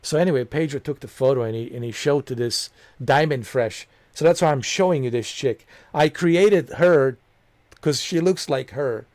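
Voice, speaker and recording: A man who streams games chats his way through a long story, leaning on "man," "dude," and "you know" and laughing at himself with amusement. He speaks at a moderate pace in a mid-range voice with a darkish tone, and there's no room sound.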